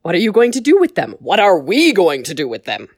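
Brief: scolding council of masters, voiced by a woman, dropped pitch, close and dry. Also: wildly swooping pitch, a little fast, slightly rough, no echo, full character voice. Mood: exasperated. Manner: scolding, incredulous. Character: exasperated council of Jedi masters.

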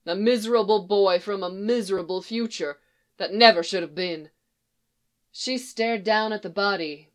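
A woman reading a story aloud in a measured, somber narration. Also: medium pitch. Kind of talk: audiobook narration.

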